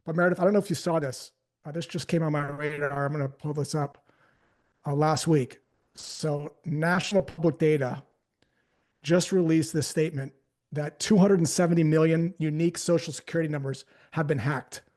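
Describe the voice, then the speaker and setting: A man's voice: fairly high pitch, steady tone, moderate pace, darkish tone. A man giving a live sales training talk, casually telling stories and acting out the conversations in them.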